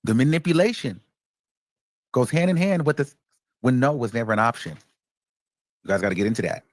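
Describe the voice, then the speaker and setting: A man's voice: medium pitch, expressive, brisk, no room sound. A man hosting reaction commentary, emphatic and repeating his points for stress. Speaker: commentary host.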